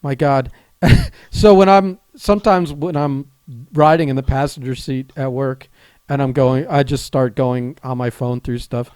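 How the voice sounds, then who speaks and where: A man's voice: medium pitch, steady tone, a little slow, darkish tone, clear, resonant tone, dry recording. A man co-hosting a podcast in casual chat, often breaking into laughter as he talks. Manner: laughs often while talking. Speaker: podcast co-host.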